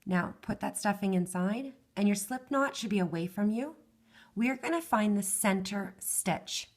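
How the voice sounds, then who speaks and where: A woman giving a step-by-step craft tutorial, patiently explaining each hand movement and counting stitches aloud, her voice worn and fading. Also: mid-range voice. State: losing her voice.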